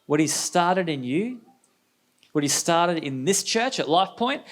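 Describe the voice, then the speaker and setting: A middle-aged pastor delivers a sermon in an energetic, conversational way. His voice sits a bit high for a man. He keeps asking the congregation questions. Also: moderate pace.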